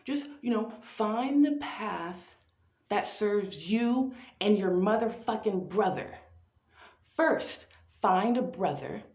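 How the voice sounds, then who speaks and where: A woman performing a profane, theatrical spoken-word monologue with drawn-out phrasing. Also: mid-range voice, lively intonation, darkish tone. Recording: echoey, dull lo-fi room recording.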